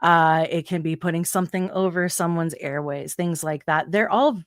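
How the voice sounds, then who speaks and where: An American woman casually telling a story, animated and profane, acting out quotes with sudden jumps in pitch. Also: normal speed, no echo. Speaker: guest.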